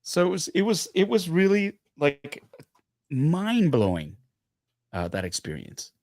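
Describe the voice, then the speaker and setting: A man's voice: a little high, measured pace, no echo, clean studio sound. A middle-aged man, a guest actor, telling stories in a casual stream chat and acting out the quotes. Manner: animated storyteller, acts out quotes.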